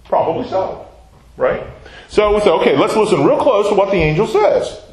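A man leads a Bible study in a chatty, questioning way. His voice sits a little high and swings widely in pitch. The room around him is echoey. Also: big pitch swings, normal speed, a crowd in the background. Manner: conversational, asks the class questions. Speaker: Bible class teacher.

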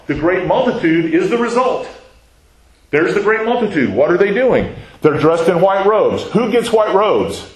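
A man's voice: sits high, very animated, moderate pace. A man teaching a Bible class in a conversational way, asking questions and answering them himself. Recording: very echoey room.

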